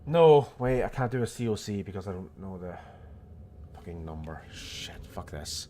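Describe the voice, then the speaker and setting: A man's voice: low-pitched, normal speed, a little mellow, a little hiss or hum. A man with a Scottish accent giving casual, muttering, sweary commentary while streaming a game. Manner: swears often, mutters to himself. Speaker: gaming streamer.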